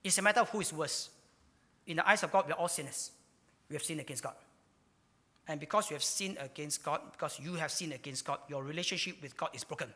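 Male pastor, emphatic sermon delivery, voice a touch high, hall echo. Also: fast. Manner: emphatic preaching, with sudden swings between loud and hushed. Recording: hall reverb.

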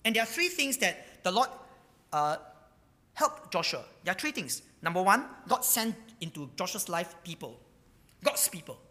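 Preacher, sermon, animated pitch, emphatic repeats, frequent fillers, long hall reverb. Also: normal speed. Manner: emphatic, repeats key words; stumbles over words with many fillers. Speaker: pastor.

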